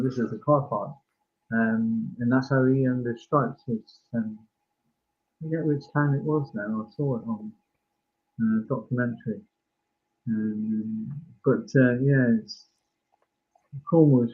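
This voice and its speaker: A man co-hosting a podcast, chatting casually about an old film, full of halting restarts and fillers. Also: medium pitch, steady tone. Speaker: podcast co-host. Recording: tinny phone-like line.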